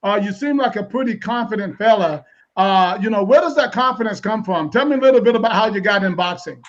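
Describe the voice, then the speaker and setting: Male live-show host, high voice, talkative, dull streamed audio. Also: quick pace. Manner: chatty, repeats words, laughs easily. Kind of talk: live online interview show.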